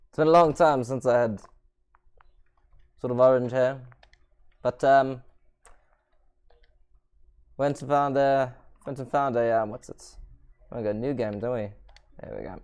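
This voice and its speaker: A man's voice: mid-range voice, fairly even intonation, a little slow, long pauses, darkish tone, smooth. A man with a South African accent hosting a casual gaming stream, rambling and self-mocking. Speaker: stream host.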